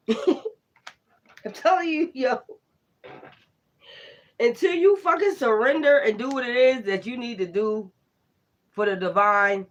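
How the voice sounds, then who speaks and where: A tarot reader giving a casual spiritual reading, animated and laughing often, with heavy profane slang. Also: medium pitch.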